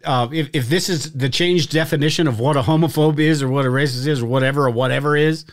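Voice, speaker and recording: A man's voice: fairly high pitch, fairly even intonation, fast. Blunt, swearing male stream co-host. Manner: blunt, frequent restarts and swearing. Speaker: podcast co-host. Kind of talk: casual live-stream chat.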